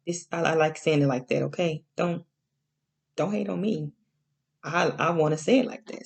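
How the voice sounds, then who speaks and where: A woman gives a Bible lesson in the style of a casual spoken sermon, speaking slowly and repetitively, frequently asking "okay?" and stretching out important words. Her voice is low-pitched, steady, creaky, and a bit rough.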